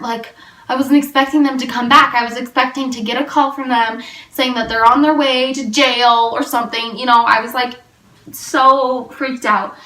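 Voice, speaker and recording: A woman's voice: fairly high pitch, sharp tone. A young woman telling a storytime vlog, rambling and packed with fillers. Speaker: vlogger. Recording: roomy and a little distant.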